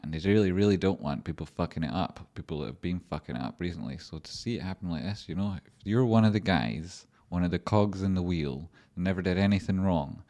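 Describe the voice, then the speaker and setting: Sweary deep-voiced man rambling. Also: mellow. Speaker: livestream host. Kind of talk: casual livestream chat.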